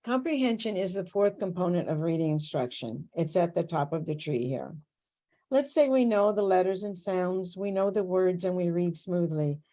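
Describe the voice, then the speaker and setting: A woman presenting a tutor training workshop on a video call, reading prepared material in a clear, steady, instructive way. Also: lowish voice, normal speed.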